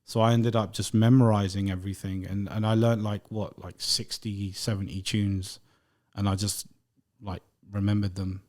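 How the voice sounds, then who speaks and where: A man in his thirties, a musician guest, talking in a relaxed, rambling way in a casual interview. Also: on the low side, normal speed. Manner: relaxed, rambling, laughs often.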